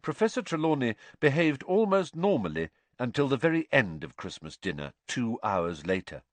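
A middle-aged man narrating an audiobook in a measured, expressive way. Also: mid-range voice, no echo. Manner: expressive, measured, varied intonation.

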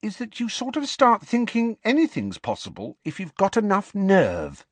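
A man doing a gentle teenage schoolgirl. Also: fairly high pitch, wildly swooping pitch, moderate pace, breathy edge, no room sound, pitched above the performer's own voice, heavily acted. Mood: coaxing. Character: teenage schoolgirl, kind and persistent.

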